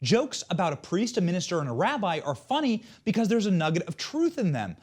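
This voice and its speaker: A man's voice: high voice, very animated, a little fast. A man hosting a show, delivering scripted political commentary in a mocking, sarcastic way. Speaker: show host.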